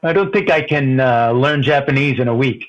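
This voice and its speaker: A man calling in to a movie podcast, rambling and halting, laughing at his own stories. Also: medium pitch, lo-fi sound, faint music behind. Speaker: caller. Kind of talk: casual phone-in chat.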